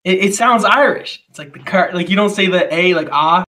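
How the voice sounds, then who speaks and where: A man's voice: sits high, brisk, pushed and bright. A man chatting casually as a podcast co-host, laid-back and teasing his friend, laughing often. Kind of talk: casual chat.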